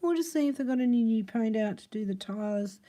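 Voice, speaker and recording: A woman's voice: on the high side, expressive, brisk, warm tone. A woman giving a chatty, playful tarot reading, laughing often and sometimes dropping to a near whisper. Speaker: tarot card reader. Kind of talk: casual tarot reading monologue.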